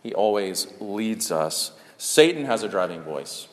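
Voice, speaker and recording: A male pastor preaching a sermon, earnest and repetitive in his emphasis, dropping into soft hushed passages. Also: lowish voice, big pitch swings, measured pace. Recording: long reverb of a large hall.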